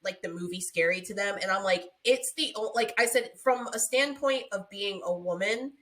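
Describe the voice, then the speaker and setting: A woman's voice: mid-range voice, normal speed, a bit bright. A woman co-hosting a podcast in casual chat, telling stories and acting out quotes with big jumps in her voice. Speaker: podcast co-host.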